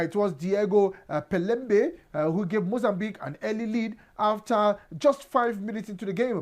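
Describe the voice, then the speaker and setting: A woman from Nigeria, hosting a sports news review and reading results with many "uh" fillers and frequent "now". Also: medium pitch. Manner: halting delivery full of "uh" fillers, starts sentences with "now". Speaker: sports show host.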